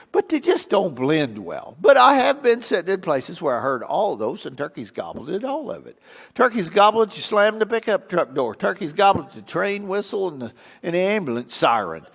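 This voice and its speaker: An older man, a guest speaker telling folksy, humorous stories and breaking into animal calls. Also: sits high. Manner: lively, imitates animal calls. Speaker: guest speaker at a church event. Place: church sanctuary. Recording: long reverb of a church hall.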